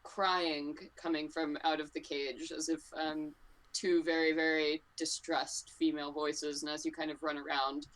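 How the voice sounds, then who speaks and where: A woman with a low voice runs a tabletop game, narrating scenes for the players. She talks in a relaxed way, with plenty of ums and uhs as she thinks ahead. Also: measured pace. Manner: relaxed, full of fillers. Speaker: game master.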